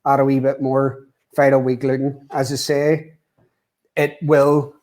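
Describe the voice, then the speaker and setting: A man's voice: mid-range voice, level tone, measured pace, a little mellow. Chatty man demonstrating a recipe. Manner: chatty, repeats "as I say" and "wee". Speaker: guest cook. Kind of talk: live cooking demonstration.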